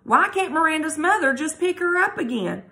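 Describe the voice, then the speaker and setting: Teacher lady reading an anxious fussy mom, kinda high, bit of fry. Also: very animated, normal speed, bright, forceful tone, full character voice. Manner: anxious, fussing. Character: a worried, apologetic mother.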